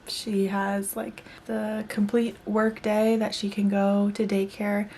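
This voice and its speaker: Chatty young mom vlogging at home. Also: female voice, mid-range voice, level tone, slow pace, few pauses, mellow, slight background noise. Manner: chatty, rambling, filler-heavy. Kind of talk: casual talking vlog. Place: at home indoors. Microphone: camera-mounted mic.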